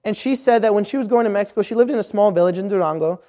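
A man's voice: sits high, racing, dark tone. A man preaching a sermon at a missions conference, earnest, often repeating words as he restarts his phrases. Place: church hall at a missions conference. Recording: reverberant hall.

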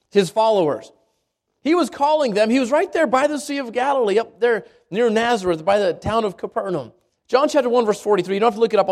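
A man from Albuquerque preaching a sermon at a church service, moving between quick asides and slow, emphatic lines. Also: high voice. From Albuquerque, New Mexico. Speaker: pastor.

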